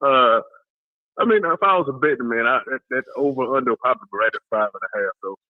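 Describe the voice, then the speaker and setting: Man, caller, mid pitch, quick casual talk, dull lo-fi call-in line, dry. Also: no echo. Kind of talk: call-in chat.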